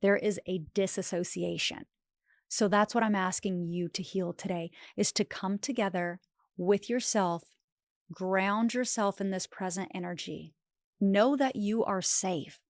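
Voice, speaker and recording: An earnest young woman speaking directly to her audience as a wellness coach, her voice warm with encouragement and sometimes close to tears. She sits at a mid-range pitch, and the sound is close and dry, with no room around it. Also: a little slow, dry recording. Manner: earnest, encouraging, emotional at times. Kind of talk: heartfelt direct-to-camera talk.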